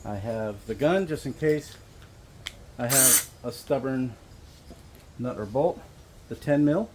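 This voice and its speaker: A man's voice: medium pitch, slow, noisy background. A man talking casually through a do-it-yourself car repair, rambling and explaining each step as he works. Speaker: DIY car repair vlogger. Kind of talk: casual how-to walkthrough.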